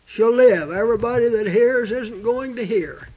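A man preaching a sermon, quoting scripture with emphatic, drawn-out stress on single words. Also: extremely high pitch, a little mellow, husky. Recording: dull lo-fi recording.

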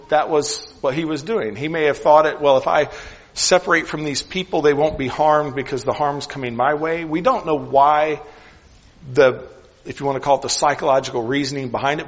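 Guy preaching, earnest, asks lots of questions, goes soft on the big lines, kinda muffled lo-fi sound. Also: fairly high pitch, long reverb tail. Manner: earnest, questioning, dropping softly on key lines. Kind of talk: sermon.

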